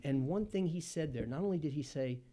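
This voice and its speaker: A man preaching a sermon as pastor, asking the congregation questions and swinging from loud exclamations to hushed asides. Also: fairly high pitch, lively intonation, a little fast.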